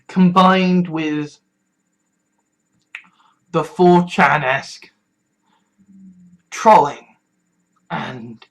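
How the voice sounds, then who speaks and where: A speaker giving a quiet, confessional vlog monologue, halting and repeating words, sometimes close to a whisper. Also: medium pitch, expressive, low-quality recording.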